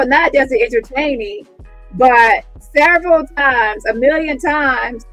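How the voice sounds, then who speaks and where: Sarcastic, animated woman commentator. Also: a little high, low-quality recording. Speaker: online commentator. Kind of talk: casual commentary.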